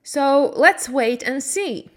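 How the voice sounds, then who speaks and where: Worried lost girl in a storybook, a woman reading her, unhurried, each word clear. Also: high voice, animated, a bit bright, voice pushed up, heavily acted. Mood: calm resolve. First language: Slovak. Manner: slow, clearly pronounced.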